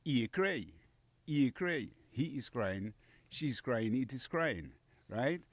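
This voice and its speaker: A man's voice: medium pitch, lively intonation, no echo. Patient man, dry studio. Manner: patient, repeats phrases slowly, chuckles. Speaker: guest teaching Kokoy dialect. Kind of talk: casual radio language lesson. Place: radio studio.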